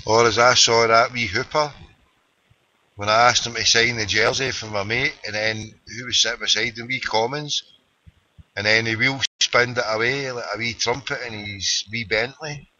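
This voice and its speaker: A man's voice: mid-range voice, fairly even intonation, normal speed, sharp tone. A Scottish man hosting a late-night internet radio show, ranting and joking in slangy banter. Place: small cold room at home. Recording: dull lo-fi online radio stream.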